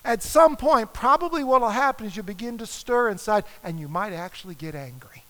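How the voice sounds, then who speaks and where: Male pastor, sermon delivery; very high, bright voice; long hall reverb; dramatic scripture reading. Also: expressive, fairly quick. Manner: reads scripture aloud with dramatic emphasis.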